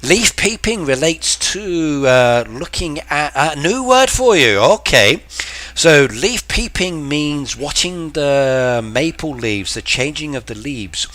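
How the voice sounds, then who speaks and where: A man with an English accent chats unhurriedly with his live-stream viewers. His voice is bright and forward, and he keeps breaking off to explain words and expressions, as a teacher would. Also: fairly high pitch, expressive, takes it slowly. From England. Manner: chatty, explains slang to viewers. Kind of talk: casual live-stream chat.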